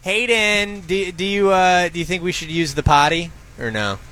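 A man hosting a call-in show, joking excitably and bantering affectionately with callers. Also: sits high, moderate pace, poor audio. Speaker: host.

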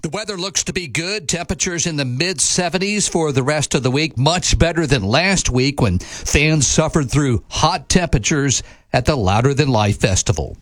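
A man anchoring a radio newscast, reading headlines in a steady scripted way with the odd filler. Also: a little high, moderate pace, no echo.

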